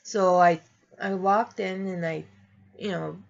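A woman's voice: lowish voice, fairly even intonation, takes it slowly, creaky, highs cut off. A young adult woman vlogging, telling a personal story in a rambling, casual way and laughing through it.

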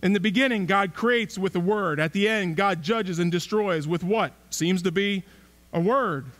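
High-voiced male pastor preaching. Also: moderate pace, a bit bright. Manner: conversational preaching with rhetorical questions and repeated phrases. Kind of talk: sermon. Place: church sanctuary.

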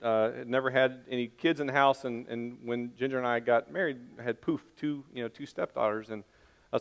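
A man's voice: medium pitch, a bit bright. A middle-aged man preaching a sermon, telling a rambling, self-deprecating family story with many restarts. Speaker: pastor.

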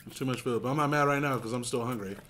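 A man's voice: mid-range voice, racing, fairly bright tone, slight background noise. A man co-hosting a casual mukbang vlog, easygoing, chuckling often and trailing off mid-thought. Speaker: vlog co-host.

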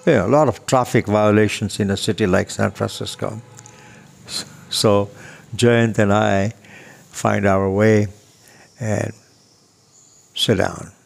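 An older man telling a personal story casually, unhurried and chuckling, acting out the dialogue. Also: on the low side, steady tone, creaky.

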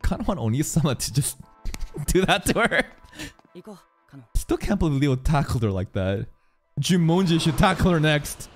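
A man reacts to an anime on a live stream, his voice leaping all over the place as he jokes, swears and laughs at what he sees. He talks straight at the characters in casual, unscripted commentary. Soft music plays faintly behind him. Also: fairly high pitch, normal speed, pauses often. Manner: excitable, swears often, laughs a lot, talks back at the screen.

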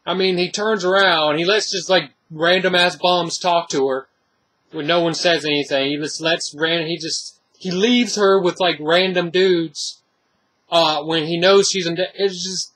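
A man's voice: on the high side, steady tone, measured pace, fairly bright tone. A man giving a casual spoken movie review, rambling and blunt.

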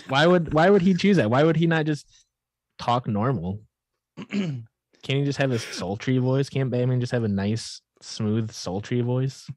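A man guesting on a comedy podcast, animated and incredulous in his questions. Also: medium pitch, unhurried, dry recording, clean studio sound. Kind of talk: casual comedy chat.

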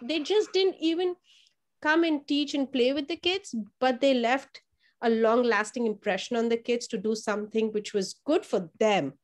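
A woman who runs a child care program, telling stories about the children in a lively conversational way, acting out quotes and often repeating words. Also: a little high, normal speed. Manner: animated storyteller who acts out quotes in a raised voice; repeats words while thinking. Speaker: family child care provider. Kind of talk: conversational testimonial.

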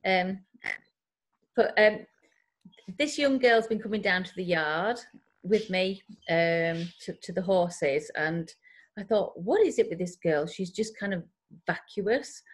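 Speaking slowly in a fairly low voice, a woman chats casually with her group on a video call. She wanders through a personal story, putting on voices whenever she quotes someone.

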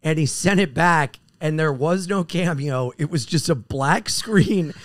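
A man's voice: fairly high pitch, a little slow, no echo. A man co-hosting a podcast, trading crude jokes in casual comedic banter, recorded on a close podcast mic. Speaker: podcast co-host.

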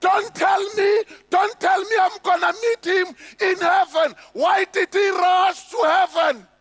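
Exasperated widow, as a South African man puts her on, indignant scolding, shouted, high-pitched. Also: fairly even intonation, a little slow. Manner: exasperated, scolding rhetorical questions. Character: indignant grieving widow, sharp-tongued woman. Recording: echoey hall with faint music.

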